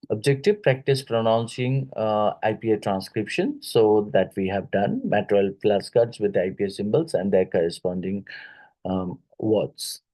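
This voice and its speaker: Slowly repeating words to demonstrate pronunciation, a man with an Indian English accent teaches phonetics for exam prep, halting and heavy on fillers. His pitch is fairly low and mellow, captured in a rough recording.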